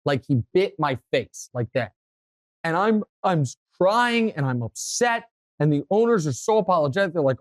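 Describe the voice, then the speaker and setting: A male sports talk host chatting casually in a dry studio with no room echo. He tells stories with animation and pushes his voice higher as he gets fired up. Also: normal speed. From Kansas City area, USA. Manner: animated storytelling, voice rising when worked up.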